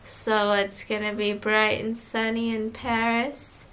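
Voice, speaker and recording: A woman voicing a slow, repetitive Southern male airline pilot making an intercom announcement, in a put-on Southern US accent. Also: a little high, monotone, a bit bright, rough recording. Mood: droning.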